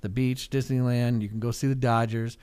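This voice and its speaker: A middle-aged man, a real estate agent and coach, talking in a chatty, energetic way with lots of "like" and "right?" in a casual radio interview. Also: medium pitch, moderate pace, clean tone, no room sound. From Fresno, California.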